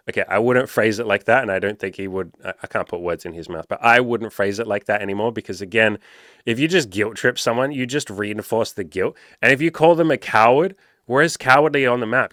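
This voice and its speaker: Young guy podcasting, lowish voice, dry close mic, swears a lot and gets pumped up. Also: fairly bright tone, dry recording. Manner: emphatic, profane, puts on voices when quoting himself. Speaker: podcast host and dating coach. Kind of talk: casual podcast commentary reading an article.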